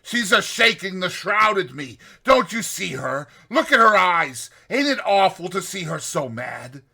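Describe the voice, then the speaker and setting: A man's voice: a little high, lively intonation, moderate pace, creaky, bright, forceful tone, exaggerated voice. A man doing a raving, terrified dying man. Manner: frantic, pleading cries.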